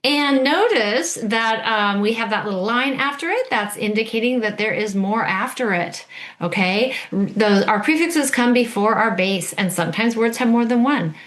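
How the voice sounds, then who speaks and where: A woman's voice: on the high side, moderate pace, fairly bright tone. A woman teacher giving an instructional video lesson, patiently modeling words and prompting the listener to repeat.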